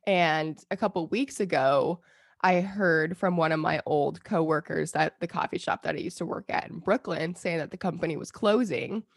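A woman co-hosting a casual podcast, her lowish voice gravelly and groggy from a strained throat. She rambles through stories with fillers and laughter. The sound is dry and close. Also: normal speed, dry recording. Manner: chatty storyteller, laughs often, many fillers. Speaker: podcast co-host. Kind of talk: casual chat.

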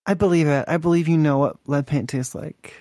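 A man's voice: on the high side, steady tone, fairly quick, dark tone, no room sound. Prank podcast host, man, crude and mocking, rambling delivery, dry close sound. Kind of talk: crude prank call banter.

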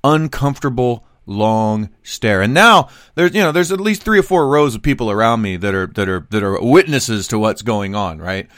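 Animated rambling man telling a story. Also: medium pitch, normal speed, hardly any pauses, no echo, studio quality. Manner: animated, rambling with many restarts and asides. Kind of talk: casual storytelling monologue.

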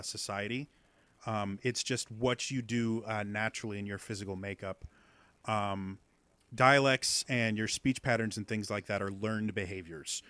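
A man with a Midwestern American accent, a podcast guest who explains accents eagerly and in quick bursts. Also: fairly low pitch, a bit bright, clear, resonant tone, no room sound. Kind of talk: casual podcast chat.

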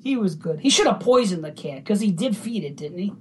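A woman's voice: medium pitch, lively intonation, a little fast. Blunt, profane woman chatting. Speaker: podcast co-host. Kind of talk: casual chat.

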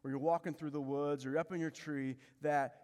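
In the long reverb of a large church sanctuary, a pastor delivers an emphatic sermon, returning to key phrases and putting rhetorical questions to his congregation. His voice is a little high with a darkish tone, fairly even intonation, and a brisk pace.

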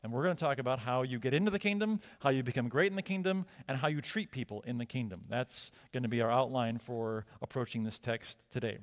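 A male pastor delivering a sermon, conversational and emphatic, asking rhetorical questions. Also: medium pitch. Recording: long reverb of a church hall.

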